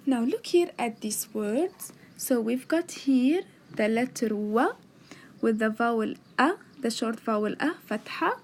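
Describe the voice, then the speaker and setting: Slow, patient woman teaching letters. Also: fairly high pitch, expressive. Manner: patient, drawn-out sounding of letters. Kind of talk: slow explanatory lesson narration. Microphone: tablet microphone.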